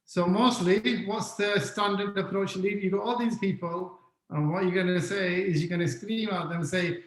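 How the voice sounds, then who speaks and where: High-voiced man giving an interactive talk. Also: steady tone, moderate pace, reverberant, poor audio. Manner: questions the audience often, repeats key points. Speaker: webinar speaker on leadership. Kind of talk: interactive online lecture.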